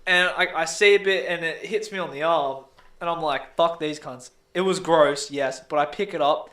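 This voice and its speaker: A man's voice: a little high, normal speed, bright, forceful tone. Rambling young man telling stories. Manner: rambling storyteller, swears freely. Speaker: podcast co-host. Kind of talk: casual chat.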